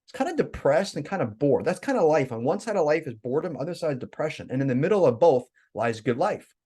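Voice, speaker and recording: A man, a life coach and podcast guest, telling a story in an animated way. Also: on the high side, fast talker, slightly rough. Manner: animated storyteller, lively swings.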